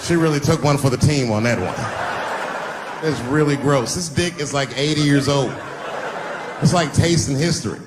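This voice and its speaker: A man in his fifties doing a stand-up routine on stage, swinging from loud bursts to low mutters. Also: moderate pace, pauses often. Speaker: stand-up comedian. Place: stage before a live audience. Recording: live show with loud crowd noise. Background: audience laughter.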